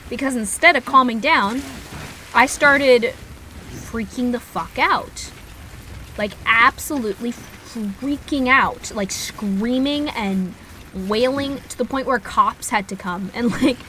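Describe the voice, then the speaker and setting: A woman in her twenties streams and tells a story in a loose, rambling way, swearing freely. Her voice is bright and a touch high, and a faint hum of noise sits behind it. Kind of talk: casual storytelling while gaming.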